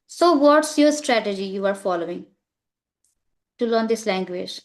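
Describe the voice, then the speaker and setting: A woman chatting casually on a video call, speaking haltingly with many fillers and restarts. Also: mid-range voice, lively intonation. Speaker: English learner interviewed about her practice. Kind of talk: casual conversational chat.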